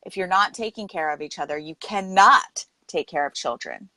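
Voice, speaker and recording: A middle-aged woman with a lowish voice hosts a casual podcast interview at normal speed, on a dry recording with poor audio. She explains her points earnestly, using lively metaphors and quoting herself.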